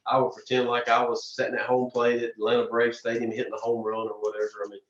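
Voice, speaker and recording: A young man, a racer guest telling animated stories in a casual interview. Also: medium pitch, quick pace. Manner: animated storyteller, frequent restarts and "man". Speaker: drag racer and podcast guest. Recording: distant, roomy, dull lo-fi sound.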